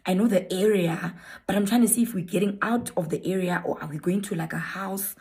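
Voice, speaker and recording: A woman's voice: mid-range voice, brisk, dark tone. A South African woman telling her own story to viewers in a chatty, candid vlog, rambling a little and slipping into Setswana.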